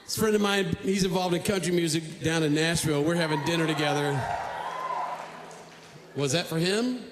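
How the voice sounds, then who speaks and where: A man's voice: fairly high pitch, moderate pace, slight background noise. A male singer-songwriter on a live stage, telling rambling jokes between songs. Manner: rambling, joking storyteller. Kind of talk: comic concert patter between songs. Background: acoustic guitar.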